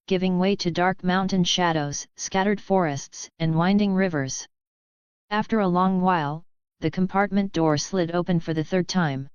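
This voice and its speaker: Smooth, low-voiced woman narrating a story. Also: a little mellow, no echo, dull audio. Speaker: audiobook narrator. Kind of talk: scripted narration.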